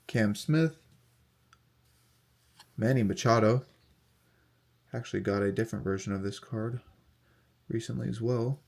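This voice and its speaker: Relaxed low-voiced man reading off cards. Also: a little slow, creaky, long pauses. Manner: relaxed, reads off player names in a steady list. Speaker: card collector unboxing host. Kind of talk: casual unboxing commentary.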